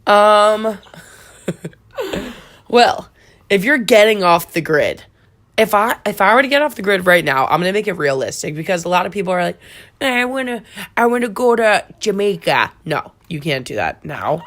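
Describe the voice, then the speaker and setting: A woman's voice: on the low side, animated, moderate pace, a bit bright. A young woman co-hosting in casual chat, rambling and laughing often.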